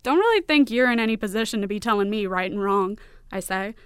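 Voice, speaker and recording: A woman's voice: mid-range voice, lively intonation, fast, clean tone, dry recording, close to an everyday voice. A woman voicing a tough, wry Southern woman narrator with a Southern accent, blunt and dry. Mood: firm.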